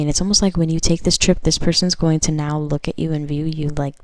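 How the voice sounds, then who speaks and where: A woman's voice: sits low, steady tone, fast talker, a little mellow, dry recording, rough recording. A woman doing a casual pick-a-card tarot reading, reading card text aloud and chatting about it in a loose, filler-heavy way. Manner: chatty, lots of fillers, reads cards aloud then riffs.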